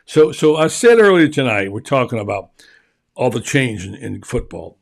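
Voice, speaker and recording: A man hosts a sports talk show at an even middle pitch. He rambles in a folksy, self-deprecating way and then circles back to his point. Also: moderate pace, gravelly. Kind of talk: casual radio sports talk.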